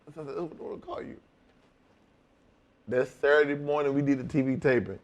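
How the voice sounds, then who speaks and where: This middle-aged interview guest has a mid-range voice and talks a little fast over dull audio. His wrestling tales are profane and blunt, and he plays both parties in the exchanges he recalls.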